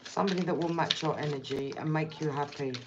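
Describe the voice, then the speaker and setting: A woman with a low voice gives a casual tarot reading, talking to the listener bluntly and repeating her points. The recording is dull and lo-fi. A faint hiss sits underneath. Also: fairly quick. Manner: blunt, repetitive, direct address. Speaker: tarot reader.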